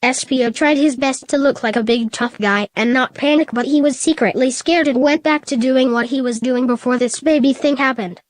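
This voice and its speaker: A woman's computer voice reads out a comic story, high-pitched and mechanically even. The sound is dry and close, with no room around it. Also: normal speed, few pauses, no echo. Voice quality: synthetic, flat text-to-speech reading. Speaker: narrator. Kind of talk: synthesized storybook narration.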